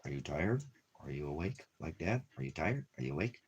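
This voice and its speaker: A man with an extremely low, husky voice rambles in a casual monologue. He drifts between talking to his dog and musing aloud to the camera. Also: very animated, brisk. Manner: rambling, talks baby-talk to his dog in bursts. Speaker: ministry vlogger.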